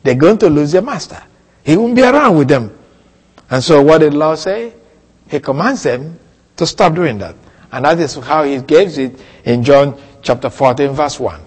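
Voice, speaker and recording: A man preaching an expository sermon, teaching in a deliberate way and repeating key points for emphasis. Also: fairly high pitch, lively intonation, breathy edge. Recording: long reverb of a hall.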